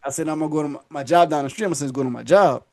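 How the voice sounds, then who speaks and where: A man's voice: fairly high pitch, very fast, darkish tone, dry recording. A man telling a long story casually on a podcast, acting out the voices and laughing often.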